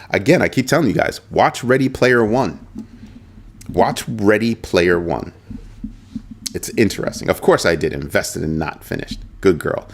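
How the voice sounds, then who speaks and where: A middle-aged man hosting a casual livestream, animated and chatty, talking straight to his viewers and often repeating himself. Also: low voice. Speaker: host of a crypto livestream.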